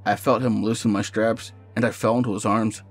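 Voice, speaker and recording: Low-voiced man narrating a horror story. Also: fairly quick, soft background music. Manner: steady first-person storytelling.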